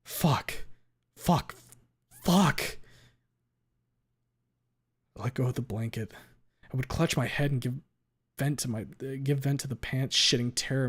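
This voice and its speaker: A man's voice: mid-range voice, fairly bright tone. A man reading a visual novel aloud in the first person, dramatic, cursing freely and sometimes stumbling over words.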